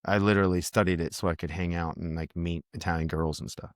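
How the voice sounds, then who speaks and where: An American man chatting casually in a relaxed, laughing way. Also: deep voice, quick pace, dry recording, clean studio sound. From United States. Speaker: podcast guest. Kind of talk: casual chat.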